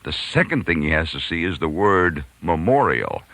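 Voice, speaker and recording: A deep-voiced New York radio host spins a yarn at normal speed, his lively intonation leaping up when he plays the characters. Bright and forceful, he laughs now and then like a practiced storyteller. The recording is close, dry and low in quality.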